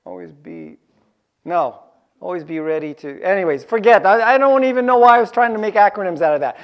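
Animated joking male preacher. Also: a little high, quick pace. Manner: animated, joking asides, repeats key phrases. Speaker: pastor. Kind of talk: sermon.

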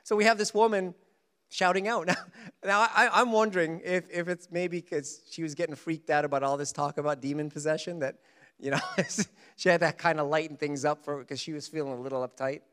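A man preaching a sermon, asking his listeners questions and slowing down hard on the words he wants to stress. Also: a little high, smooth, big-room sound. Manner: animated preaching, rhetorical questions, slows for emphasis. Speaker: pastor.

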